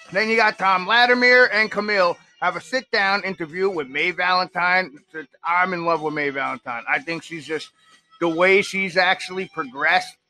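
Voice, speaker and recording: Excitable, rambling man hosting. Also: high voice, moderate pace, faint music behind. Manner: chatty, rambling, excitable with frequent fillers. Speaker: podcast host. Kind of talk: casual watch-along commentary.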